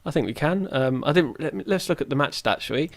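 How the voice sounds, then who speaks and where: Quick-paced and lively in intonation, this man's voice sits on the high side. He's a gaming YouTuber rambling through a let's-play, reacting aloud to the match and mocking himself in a chatty, casual way.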